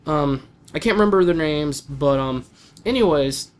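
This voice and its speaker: A man's voice: on the high side, moderate pace. Rambling young man reviewing anime. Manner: rambling, many fillers and restarts. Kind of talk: casual spoken review.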